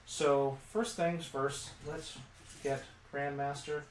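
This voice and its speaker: A man chatting his way through a live toy build in a roomy, echoing space, sitting back from the microphone. He rambles and thinks out loud, filling gaps with ums and restarts, while a faint hum runs underneath. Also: fairly high pitch, fairly even intonation, slow. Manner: rambling, thinking aloud with many fillers. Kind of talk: casual live build commentary. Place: indoor room. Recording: echoey room, mic at a distance, faint hum.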